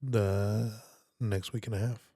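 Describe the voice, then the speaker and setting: Earnest low-voiced man telling his story. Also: steady tone, slow pace, dark tone, breathy edge, no room sound, studio quality. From San Antonio, Texas. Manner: rambling and earnest, full of "like" and reenacted quotes. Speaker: podcast guest sharing a personal testimony. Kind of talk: emotional personal storytelling.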